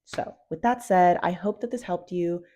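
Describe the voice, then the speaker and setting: A woman's voice: on the low side, moderate pace, warm tone. Blunt, profane young woman vlogger. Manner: blunt and profane, emphatic, quotes her own inner voice. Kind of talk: direct-to-camera motivational talk.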